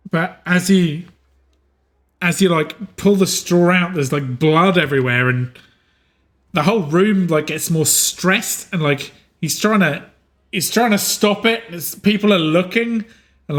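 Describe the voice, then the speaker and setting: A man narrating as game master, halting and full of "like" and "um" as he improvises. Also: on the high side, a bit bright.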